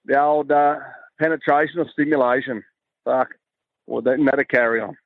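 A man's voice: medium pitch, steady tone, normal speed, no room sound, phone-quality sound. An Australian man leaving a brash, swearing voice message full of boasts. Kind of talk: crude voice-message banter.

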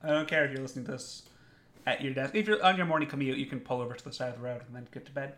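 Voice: mid-range voice, rapid-fire, fairly bright tone. Playful drowsy podcast co-host. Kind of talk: casual chat.

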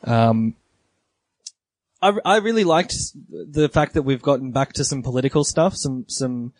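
A man's voice: mid-range voice, measured pace, no room sound. A man co-hosting a casual podcast chat, talking hesitantly with many fillers and restarts. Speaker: podcast co-host.

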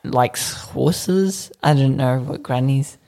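A podcast co-host on a headset mic making absurd deadpan jokes and trailing off mid-thought. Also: mid-range voice, slow. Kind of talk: casual banter. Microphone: headset mic, often off it.

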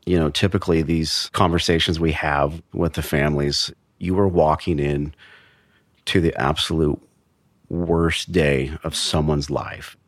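A man, a former investigator, recounting a death case in a measured, blunt way with frequent restarts. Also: extremely low pitch, steady tone, dry recording. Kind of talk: true crime storytelling.

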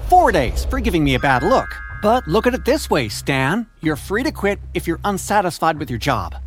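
A performer voicing a smug, cruel male company director who mocks his worker in an animated story. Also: medium pitch, moderate pace, soft background music, natural voice. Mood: mocking. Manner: mocking and petty.

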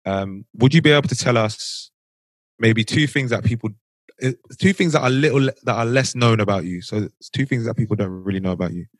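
A man's voice: lowish voice, brisk, no echo, low-quality recording. A man co-hosting a podcast, asking the guest questions in teasing, casual banter. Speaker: podcast co-host. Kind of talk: casual chat.

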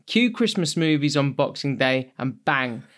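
A man's voice: mid-range voice, animated, a little slow, a bit bright. A young man co-hosting a podcast, telling anecdotes in casual chat and laughing often. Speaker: podcast co-host.

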